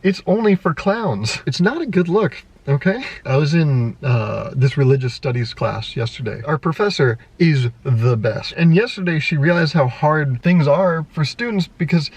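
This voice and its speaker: A man's voice: a little high, expressive, moderate pace, few pauses, a little mellow, husky, dry recording, rough recording. A young man vlogging in a rambling, exasperated way, laughing often and swearing freely. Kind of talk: casual unscripted monologue to camera.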